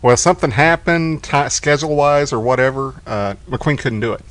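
A man's voice: medium pitch, moderate pace, fairly bright tone, no echo. A man with a Texan accent co-hosting a podcast, telling stories and cracking jokes in casual chat. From Texas. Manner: joking, storytelling. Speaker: podcast co-host.

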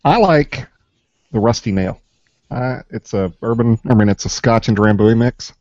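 A man on a cigar review panel, relaxed and joking as he chimes in. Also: medium pitch, moderate pace, dry recording, lo-fi sound. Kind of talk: casual chat, cigar review.

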